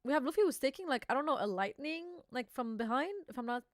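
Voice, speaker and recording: A woman's voice: high voice, lively intonation, fast, no echo, clean studio sound. A young woman hosting a casual live reaction stream, chatty and swearing as she reads the comic aloud. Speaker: streamer host.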